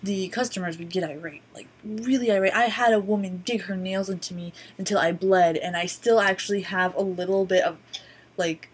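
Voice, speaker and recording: A woman's voice: medium pitch, moderate pace, slightly rough. A woman vlogger telling stories casually to her laptop webcam, rambling with many "um"s and a wry, profane streak. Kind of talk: casual storytelling to camera. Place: indoors at a borrowed laptop.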